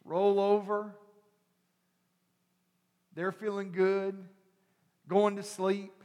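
A male pastor preaching a sermon, telling a story animatedly and acting out the characters before building to loud preaching. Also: high-pitched, little pitch movement, very slow, pauses often. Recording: long hall reverb.

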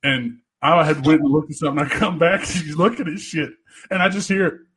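Husky guy on a podcast, kinda high voice, rambly and swears a lot, laughs at his own stories. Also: a little fast, fairly bright tone. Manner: rambling, profane storytelling with frequent laughs. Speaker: podcast host. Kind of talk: casual chat.

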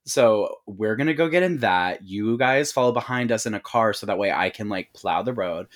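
Man, podcast co-host, lively swooping pitch, crude casual storytelling, quoted voices. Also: normal speed. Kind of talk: casual movie recap chat.

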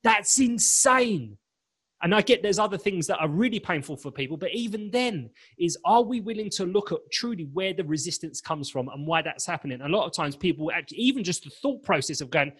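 A man's voice: high-pitched, expressive, a little fast, fairly bright tone, husky. A man being interviewed as a confidence coach, talking emphatically and acting out snippets of inner dialogue. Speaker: guest, confidence and presentation coach. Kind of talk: animated podcast interview.

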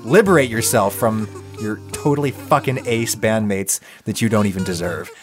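A man's voice: fairly low pitch, moderate pace, faint music behind. A man co-hosting a podcast in casual banter, sarcastic and joking, laughing often. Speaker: podcast co-host.

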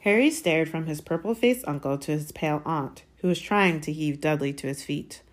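A woman reading a novel aloud in a measured, deliberate way. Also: deep voice. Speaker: reader.

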